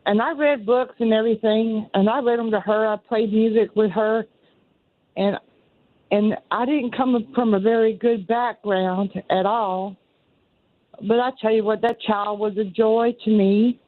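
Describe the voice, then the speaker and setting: A Southern woman in her sixties calls in to a radio show, telling her story earnestly and ramblingly and often repeating herself. Over a tinny telephone line without echo, her voice is on the high side, steady in tone, and measured in pace.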